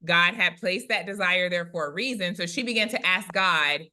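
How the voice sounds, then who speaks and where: A woman who is a Christian prophetic speaker, retelling a testimony in a chatty, animated way, often tagging lines with "right?". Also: on the low side, normal speed. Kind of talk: conversational storytelling testimony.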